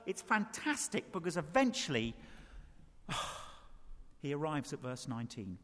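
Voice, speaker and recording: A man preaches a sermon with a high, very lively voice that leaps around as he tells the story. He acts out the voices of its characters as he goes. His voice rings through a hall with long reverb. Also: measured pace. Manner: animated storytelling, acting out voices of people in the story.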